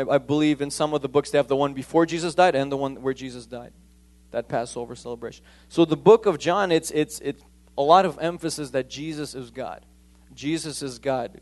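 A man's voice: fairly high pitch, a little mellow. A man preaching a conversational sermon, emphatic and repeating key points.

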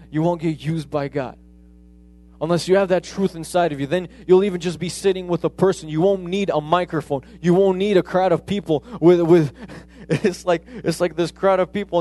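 A man's voice: a little high, mellow. A man preaching a sermon in a conversational way, often retelling conversations as quoted dialogue.

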